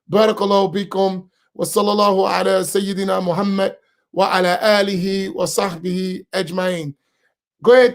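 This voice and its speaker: A man with an American accent, an imam preaching a sermon with rising shouts and repeated rhetorical questions. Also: high voice, gravelly. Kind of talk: impassioned sermon.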